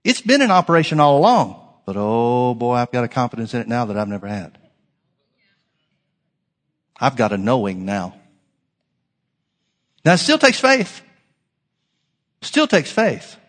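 A man preaching a sermon as pastor, emphatic, swinging from loud declarations to hushed lines. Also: mid-range voice, wildly swooping pitch, unhurried, pauses often, big-room sound.

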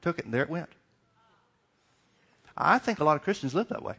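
A man's voice: a little high, big pitch swings, brisk, vocal fry, pushed and bright, breathy edge. A middle-aged man preaching a sermon, asking repeated questions and acting out little dialogues. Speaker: pastor.

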